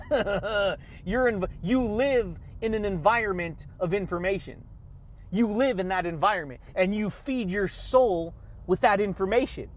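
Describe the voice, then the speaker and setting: A man hosting a motivational podcast monologue, hyped and energetic, laughing often and shouting catchphrases. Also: high voice. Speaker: podcast host.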